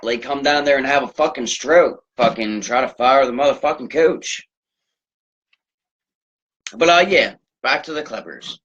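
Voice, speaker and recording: A man's voice: mid-range voice, measured pace, pauses often, a bit bright, husky. A man hosting his own sports talk show, ranting in a rambling, profane way with lots of fillers. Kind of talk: solo sports rant. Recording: dull lo-fi recording.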